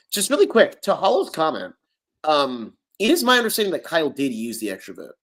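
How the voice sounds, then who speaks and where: A man co-hosting a casual podcast chat, animated and quick to restart his sentences. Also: fairly high pitch. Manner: animated, repeats words and restarts often. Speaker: podcast co-host.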